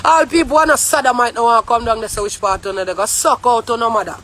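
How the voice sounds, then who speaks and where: A woman with a Jamaican accent in a heated, profane ranting monologue, often shouting. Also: a little high, fast, a little hiss or hum. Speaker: vlogger.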